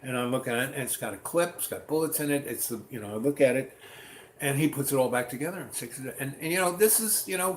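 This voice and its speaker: A man telling a rambling personal story in a casual, animated way, acting out what people said. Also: mid-range voice. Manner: rambling, animated, acts out quotes. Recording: roomy with faint ambient noise.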